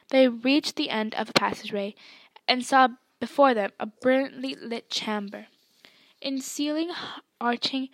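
High-voiced woman reading a story aloud. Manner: expressive storytelling. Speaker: podcast reader. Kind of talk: audiobook narration.

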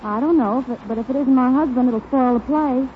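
A woman's voice: sits high, a little fast, natural voice. A woman playing a pushy scheming wife. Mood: flirty. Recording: tinny crackly 1930s radio broadcast.

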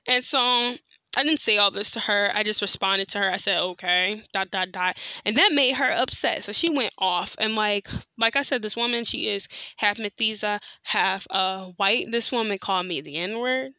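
Woman spilling a story casually, bright tense voice, swears a lot, keeps saying like and you know, dry close sound. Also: medium pitch, moderate pace, clear, resonant tone, dry recording. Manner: candid and profane, heavy use of "like" and "you know". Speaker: podcast host.

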